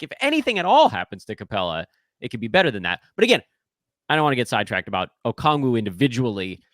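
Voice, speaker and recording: A man hosting a casual fantasy sports podcast, asking questions in a lively, joking, self-deprecating way. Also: mid-range voice, no echo, studio quality. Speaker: podcast host.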